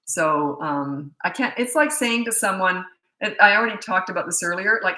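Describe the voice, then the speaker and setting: A middle-aged woman parenting coach answers questions in a live Q&A. Her voice is lowish and very bright, and her talk is blunt, candid and chatty. The room around her sounds echoey. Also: animated, normal speed.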